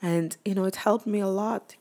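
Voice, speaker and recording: A woman's voice: medium pitch, steady tone, moderate pace, a little mellow. A young woman telling her own story as a mother, candid and emotional, with many fillers. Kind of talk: personal testimonial.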